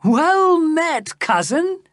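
A woman voicing a carefree young king who is loud and fond of wine, in hearty, jovial exclamations. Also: on the low side, sing-song, slow pace, no echo, clean studio sound, exaggerated voice. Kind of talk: storybook character voice.

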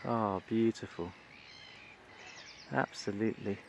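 A man with a deep, gravelly voice narrates from behind his camera as he films outdoors in a wood. He talks in admiring, gushing exclamations. Soft birdsong and outdoor hiss sit faintly underneath. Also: fairly even intonation, slow. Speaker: wildlife videographer. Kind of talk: off-camera commentary while filming. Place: outdoors in island woodland.

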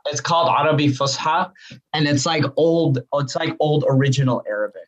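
A man's voice: fairly high pitch, a little fast, dull audio. An American man, a stand-up comedian, chatting playfully as a podcast guest, laughing often and filling with "like". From United States, family from Yemen. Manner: laughing, playful, uses lots of "like". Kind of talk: casual interview chat.

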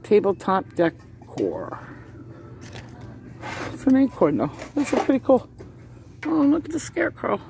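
A woman's voice: fairly high pitch, huge pitch swings, unhurried, gravelly, pauses often, darkish tone, a little hiss or hum. A woman chatting casually to viewers while shopping, often chuckling, filmed on a handheld phone inside a large store. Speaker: shopping vlogger. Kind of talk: casual running commentary.

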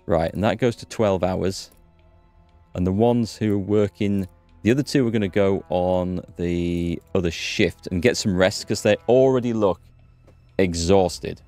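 Man, gameplay commentary, low voice, thinking aloud, dry close sound, faint music. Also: a little mellow, no echo. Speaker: gaming channel host. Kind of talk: let's-play commentary.

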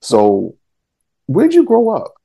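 A man's voice: on the high side, wildly swooping pitch, creaky, warm tone, breathy edge. A male talk show host, chatting playfully with his guest and joking along. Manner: chatty, playful, quick asides and jokes. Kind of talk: casual interview chat.

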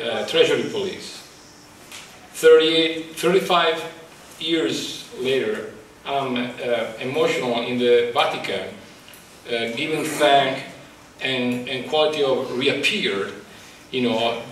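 A male photographer speaking about his exhibit in a halting, passionate way, searching for words, at a microphone. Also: mid-range voice, fairly bright tone, slight background noise. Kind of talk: emotional public talk. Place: exhibit talk at a college, indoors. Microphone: microphone in front of him. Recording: echoey room, distant mic.

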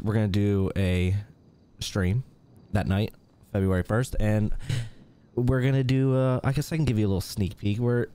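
Man, low voice, casual stream host, greets viewers by name, laughs a lot. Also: a little mellow. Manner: reads viewer names aloud, chuckles often. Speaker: livestream host. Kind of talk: casual live-stream chat.

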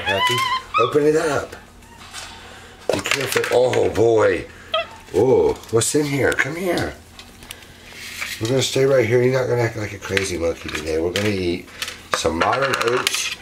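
Low-voiced man doting on his pet. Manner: coaxing, doting pet talk. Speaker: pet monkey owner and channel host. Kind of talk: casual vlog talk to a pet. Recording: clear background noise.

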